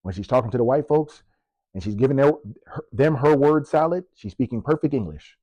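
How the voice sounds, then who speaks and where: A man's voice: mid-range voice, lively intonation, brisk, dark tone, husky, dry recording, muffled recording. A man who works as a police officer, giving impassioned political commentary with punchy rhetorical questions and sarcasm.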